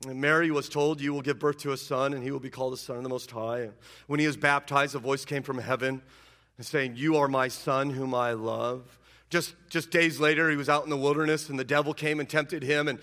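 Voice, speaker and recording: A man preaching a sermon, moving between loud ringing declarations and low, intense asides. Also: fairly even intonation, quick pace. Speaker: pastor.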